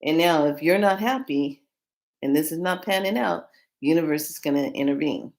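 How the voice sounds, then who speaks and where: A woman who reads tarot cards, chatting casually to the camera and retelling what happened with a client in an animated way. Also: sits low, normal speed, creaky. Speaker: tarot card reader.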